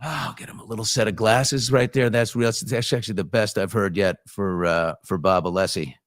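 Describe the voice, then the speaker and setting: A man's voice: lowish voice, fairly even intonation, moderate pace. A man hosting a casual chat show, reading viewer comments off the cuff with frequent ums and restarts. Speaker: host.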